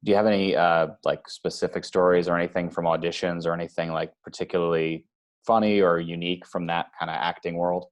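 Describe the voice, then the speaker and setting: Deep, flat-voiced male interviewer. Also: brisk. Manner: hesitant, rambling questions. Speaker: interview host. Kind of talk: casual interview questions.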